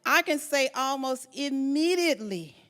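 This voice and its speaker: A woman's voice: high voice, lively intonation, unhurried, a bit bright. A middle-aged woman giving a church testimony as guest speaker, telling her story dramatically with repetition and emphatic rises. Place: church sanctuary. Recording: long church hall reverb.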